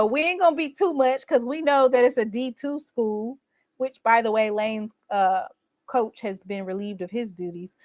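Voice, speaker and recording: A woman recapping her team's college football season in a casual, boastful, teasing way, with animated exclamations. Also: on the high side, moderate pace, dry recording. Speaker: college football fan vlogger. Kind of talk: casual trash-talking recap.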